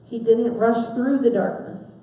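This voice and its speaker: A woman giving a sermon, asking her listeners questions and stressing key words with soft pauses. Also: a little high, fairly even intonation. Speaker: preacher. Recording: very echoey, from far off the mic.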